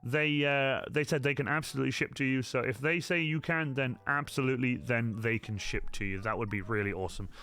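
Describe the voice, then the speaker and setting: A man's voice: mid-range voice, a little fast, hardly any pauses, pushed and bright. A young man hosting a casual crafting livestream, chatting to his viewers and apologizing often. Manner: chatty, apologetic, talks straight to chat. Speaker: livestream host.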